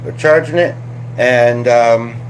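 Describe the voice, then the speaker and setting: A man's voice: mid-range voice, slow, noisy background. A man from Canada hosting a casual livestream chat, playful and chatty, slipping into little sung bits. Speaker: livestream host.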